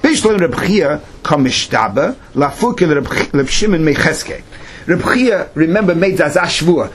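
A man with a Yeshivish English accent giving a Talmud class, explaining in a lively sing-song way and acting out the rabbis' back-and-forth. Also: a little high, normal speed, slight background noise. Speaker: Talmud teacher.

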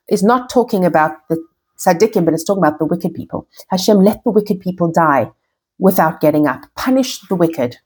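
Breathy woman teaching scripture. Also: lowish voice. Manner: expressive, reads Hebrew verses then explains in English. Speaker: Torah teacher. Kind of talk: recorded lesson on scripture.

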